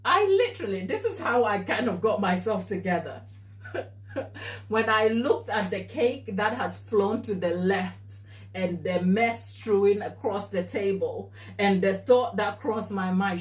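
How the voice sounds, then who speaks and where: A woman cake baker telling a story during a live tutorial, animated and expressive and laughing as she talks. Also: medium pitch, a little slow. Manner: animated, expressive, often laughing mid-sentence. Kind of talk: casual anecdotal storytelling. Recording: echoey room, voice distant from mic.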